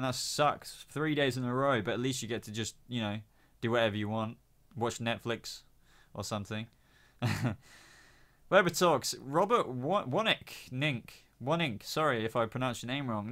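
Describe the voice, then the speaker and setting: A young man with a head cold hosts a live stream, chatting casually as he reads out comments. His voice sits mid-range and sounds smooth and resonant. He rambles and restarts his sentences with plenty of fillers. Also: medium pitch, a bit bright. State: has a cold.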